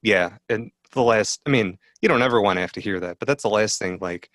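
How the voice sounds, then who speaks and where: Low-voiced man telling a rambling story. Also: brisk, fairly bright tone, no room sound, clean studio sound. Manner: rambling storyteller, many fillers. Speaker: guest. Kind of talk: casual podcast chat.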